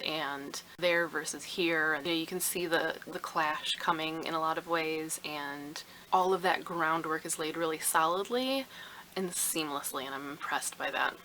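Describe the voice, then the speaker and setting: A woman's voice: low-pitched, sharp tone, slight background noise, rough recording. A woman giving a chatty, enthusiastic book review in a casual vlog.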